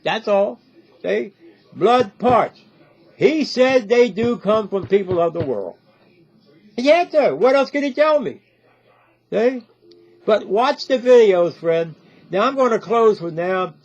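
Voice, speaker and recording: A man's voice: high-pitched, expressive, slow pace, pauses often. An older man giving a rambling direct-to-camera talk, repeating himself and often asking "See?". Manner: repetitive, keeps asking "See?". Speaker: video commentator. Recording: dull lo-fi audio with faint music.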